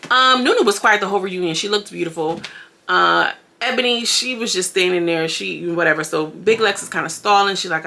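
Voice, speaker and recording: Bright-voiced chatty woman recapping TV. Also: fairly low pitch, brisk. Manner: chatty, animated, addresses viewers as y'all. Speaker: reality TV commentator. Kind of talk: casual recap commentary.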